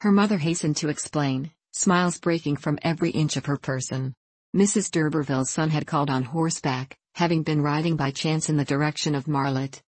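A woman narrating an audiobook in a measured way, giving the characters light voices. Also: deep voice, steady tone, darkish tone, no room sound.

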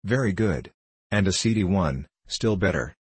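A bitter one-legged cynic snaps out his scorn in a deep, husky voice, as a man reads him aloud. He jeers at everyone around him, and the reading sounds dry and close, with no room around it. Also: expressive, normal speed, dry recording, exaggerated voice. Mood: scornful. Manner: snappish, scornful, jeering.

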